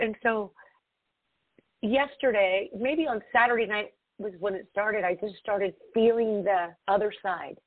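Expressive woman on a tinny line. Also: medium pitch, normal speed, no room sound. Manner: expressive, laughs often, swings between loud and soft. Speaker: podcast co-host. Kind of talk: casual chat. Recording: tinny phone-like sound, dry.

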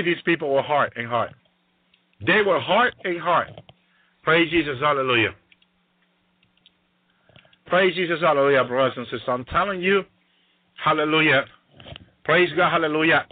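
A man preaching a sermon who reads scripture aloud slowly and keeps breaking in with hallelujah and praise Jesus. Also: on the high side, no room sound. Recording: tinny phone-like, dry sound.

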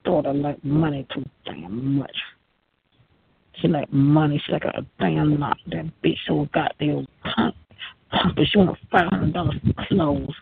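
A man with a raspy, gravelly voice, rambling and swearing in a loose monologue. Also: a little high, fairly even intonation, measured pace, dry recording. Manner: profane, rambling, laughs often. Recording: tinny phone-like line, dry.

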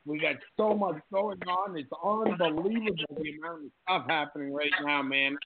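Over a tinny, phone-like line with background noise, a man co-hosting a wrestling talk show chats casually at a moderate pace. His voice sits on the high side, and he's hyped up and effusive while introducing and praising his partner.

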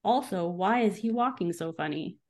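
Brief: curious, courteous little blue alien boy, read aloud by a woman in a storybook, formal and full of questions, lowish voice. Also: expressive, moderate pace, darkish tone, close to an everyday voice. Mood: puzzled. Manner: polite, formal, wondering questions.

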